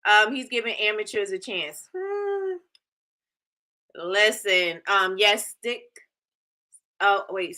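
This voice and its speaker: Woman host, bright and sharp, casual and opinionated live chat. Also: medium pitch. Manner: animated, opinionated, says "trash" again and again.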